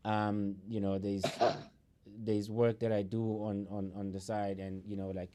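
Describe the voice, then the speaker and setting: A man hosting an online talk show in casual chat, laughing often, repeating words and filling pauses with ums. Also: fairly low pitch, flat delivery, mellow. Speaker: show host.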